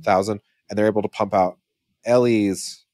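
A man with a fairly low voice co-hosts a casual podcast. He rambles through figures, restarts and corrects himself as he goes. The sound is dry and close, with no room around it. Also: steady tone, moderate pace, a little mellow, no echo. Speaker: podcast co-host. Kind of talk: casual chat.

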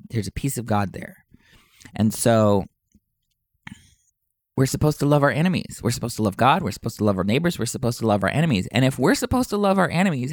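A man's voice: mid-range voice, no echo, studio quality. Earnest man giving Bible commentary. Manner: earnest, emphatic, repeats key phrases slowly. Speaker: Bible teacher.

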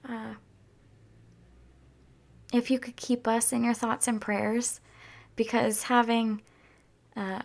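A woman talking casually to her viewers in a heartfelt, chatty way, near tears and drifting into soft whispers at times. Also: fairly high pitch, gravelly. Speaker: vlogger. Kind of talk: casual personal talk to viewers.

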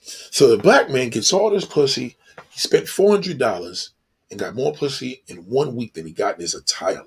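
A man delivering a blunt, profane monologue, animated and acting out the people he talks about. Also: medium pitch, slightly rough.

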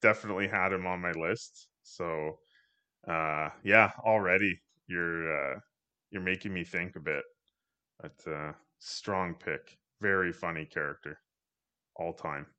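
A man's voice: deep voice, unhurried, bright, forceful tone. A man chatting casually on a podcast, thinking aloud with many hesitations. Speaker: podcast co-host.

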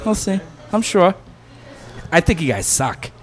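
A man's voice: high-pitched, sing-song, a little slow. A man hosting a podcast in casual chat, crude and joking, swearing a lot. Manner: crude, joking, heavy swearing, frequent laughs. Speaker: podcast host.

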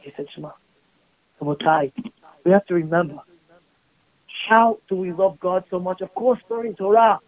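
A man's voice: sits high, normal speed, long pauses, no echo. A rabbi giving a passionate sermon, mixing Hebrew terms into his preaching. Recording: tinny phone-like radio broadcast.

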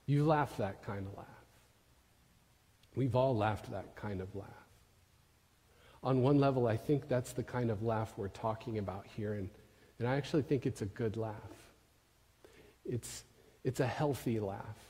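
A man giving a sermon, telling a story with emphatic questions and soft drops. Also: medium pitch, measured pace, pauses often, husky. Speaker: pastor. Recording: long hall reverb.

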